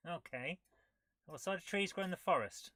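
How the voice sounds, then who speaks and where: Her fairly low, fairly bright voice is animated and a little slow as she hosts a retro gaming channel. In this live gameplay commentary she voices the game's text and adds wry, dry asides, captured in a dry recording.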